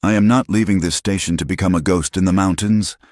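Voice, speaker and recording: A man voicing a proud widowed woman who speaks sharp, clipped and defiant. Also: sits low, fairly even intonation, fairly quick, no room sound, studio quality, pitched above the performer's own voice, close to an everyday voice.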